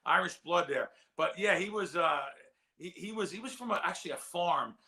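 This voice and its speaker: A man's voice: high-pitched, lively intonation, normal speed, sharp tone. A man on a sports betting show, talking in a rambling, heartfelt way and often repeating his words. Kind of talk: casual chat.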